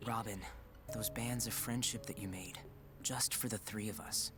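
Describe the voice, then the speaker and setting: A man's voice: fairly low pitch, steady tone, moderate pace, close to an everyday voice. An actor playing an earnest young man who speaks of his friendship in a dubbed anime cutscene. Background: game music.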